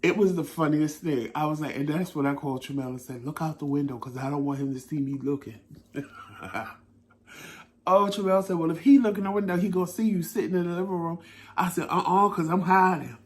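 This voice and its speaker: A middle-aged man telling stories in a casual chat as a talk show co-host, lively and laughing, acting out what he said. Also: medium pitch. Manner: animated, laughing storyteller who acts out his own quotes. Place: home living room.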